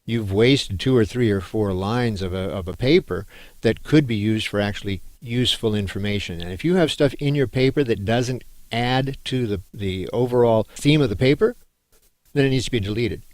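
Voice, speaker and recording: A man's voice: on the low side, normal speed, dry recording. A middle-aged male anthropology professor giving a conversational, emphatic lecture on writing, with fillers and restarts.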